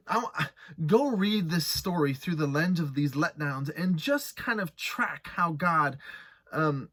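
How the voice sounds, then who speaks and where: Bright-voiced, earnest preaching man. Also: a little high. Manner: earnest, conversational preaching with dramatic scripture reading. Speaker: pastor. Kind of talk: sermon.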